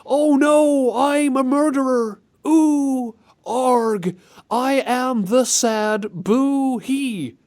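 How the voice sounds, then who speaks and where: A man's voice: very high-pitched, drawn-out words, darkish tone, no room sound, clean studio sound, pitched above the performer's own voice, heavily acted. A man putting on the voice of a whiny, mock-tragic young man, overacting on purpose.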